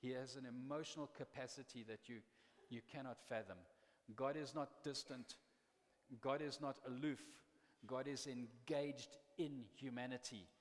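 A man's voice: medium pitch, moderate pace. Earnest male preacher in a reverberant hall. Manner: earnest, animated, conversational preaching. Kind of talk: sermon. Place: church.

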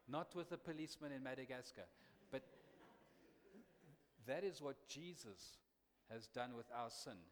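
Preaching man in a reverberant hall. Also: medium pitch. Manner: dramatic, swinging from loud emphasis to hushed near-whisper. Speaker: missionary preacher. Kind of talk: sermon.

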